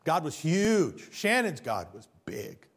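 A man preaching a sermon in church, telling stories with big swings from loud excitement to hushed earnestness. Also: fairly high pitch, takes it slowly, creaky, breathy edge.

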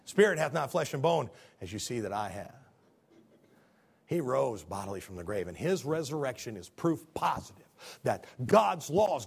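A man preaching a sermon, swinging from booming shouts to low hushed tones. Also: breathy edge.

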